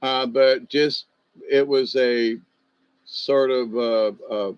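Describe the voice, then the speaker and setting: A man's voice: medium pitch, steady tone, takes it slowly, smooth, dry recording, dull audio. A man telling rambling, folksy stories in a loose monologue, full of fillers and asides.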